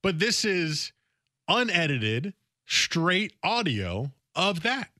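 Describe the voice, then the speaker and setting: A male sports radio host with a bright, forceful voice, recorded close and dry in a studio. He talks in a loose, animated way and often restarts phrases as he goes. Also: high-pitched, slow pace, dry recording. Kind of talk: casual sports talk radio monologue.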